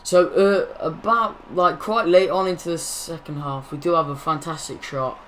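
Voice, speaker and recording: A man's voice: on the high side, steady tone, moderate pace, fairly bright tone, a little hiss or hum. A young man hosting his gaming channel, casually commenting over football game footage, rambling and correcting his own slips.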